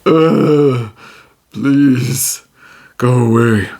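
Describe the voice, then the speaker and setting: A man's voice: medium pitch, drawn-out words, creaky, a little mellow, heavily acted. A man doing a queasy moaning orc. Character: sick, groaning male orc peasant who wants to be left alone.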